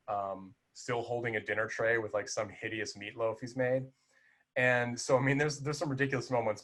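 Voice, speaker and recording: A man's voice: fairly low pitch, a bit bright. A man co-hosting a film podcast, talking casually and with animation, full of restarts and fillers. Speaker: podcast co-host.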